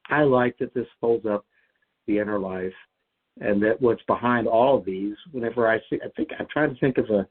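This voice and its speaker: Low husky guy leading a bible discussion, thinks out loud, keeps restarting, sounds like a tinny phone line. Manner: reflective, thinking aloud with frequent restarts. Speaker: discussion leader. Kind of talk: lectionary podcast discussion.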